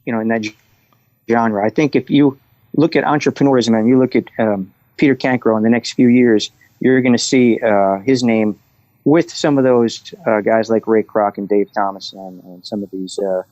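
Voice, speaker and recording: A middle-aged man talking as a guest on a podcast, telling anecdotes and getting animated when he quotes people. His voice comes through slightly dull and dry, with no room sound around it. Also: lowish voice, normal speed, no echo. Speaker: guest, restaurant executive and coach. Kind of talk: conversational interview.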